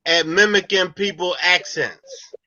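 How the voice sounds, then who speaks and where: Slow, bright-voiced male host. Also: high voice, steady tone, highs cut off. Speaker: host reading questions. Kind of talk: casual comedy chat.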